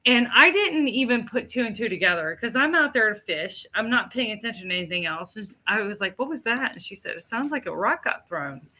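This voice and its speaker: A middle-aged woman telling a story in casual chat, animated and laughing often as she acts out what others said. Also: on the high side.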